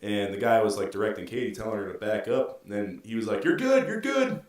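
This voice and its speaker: A man's voice: on the low side, steady tone, fast, a little mellow. A young man from Massachusetts, a guest on a sports podcast, telling casual stories and laughing often. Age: young adult. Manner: storytelling, laughs often, slips into put-on accents. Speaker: guest, college football lineman. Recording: roomy, off-mic with faint noise.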